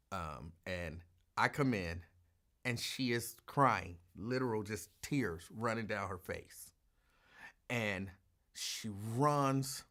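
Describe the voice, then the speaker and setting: A woman with a notably low voice hosts a call-in talk show. She speaks casually and tells lively stories, often breaking into laughter. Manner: laughing, storytelling, animated. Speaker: radio talk show host.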